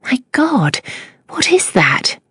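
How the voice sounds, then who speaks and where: A woman voicing a proud, decisive young lady who speaks crisply in an audiobook. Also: sits high, sing-song, slow, a bit bright, no room sound, clean studio sound, voice pushed up, exaggerated voice. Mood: indignant.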